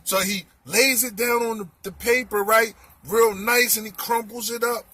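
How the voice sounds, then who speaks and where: A man telling a comic story in an animated, exclaiming way, repeating his words. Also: high voice, moderate pace.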